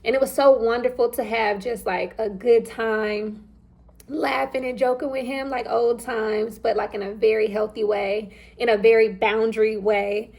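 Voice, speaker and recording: A young woman telling a personal story in casual chat, animated and informal, acting out the lines of the people in it and talking straight to her listeners. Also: fairly high pitch, normal speed. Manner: animated, acts out quoted dialogue; chatty and informal, addresses listeners directly. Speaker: vlogger.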